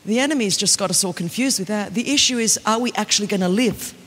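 An animated, joking woman, preaching a conference sermon and often building to a shout. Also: medium pitch, quick pace, breathy edge. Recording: echoey arena with faint music.

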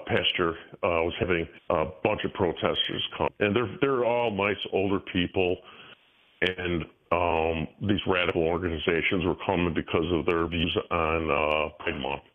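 Older man, sixties, animated storyteller, low voice, thin phone-line sound. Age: 60s. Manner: animated storytelling with frequent restarts. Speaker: guest. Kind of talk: casual interview talk. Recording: tinny phone-line audio.

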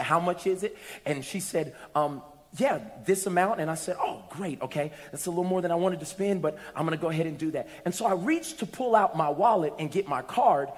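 High-voiced preacher in a reverberant hall. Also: male voice. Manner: storytelling preacher, dynamic, shouting at peaks. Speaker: pastor. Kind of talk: sermon. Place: church hall with congregation.

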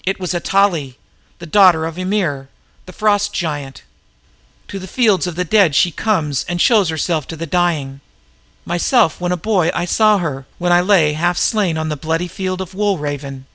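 Brief: older wild-eyed warrior, read by a man, solemn and intense, gravelly. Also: high-pitched, normal speed, sharp tone, dry recording. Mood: eerie.

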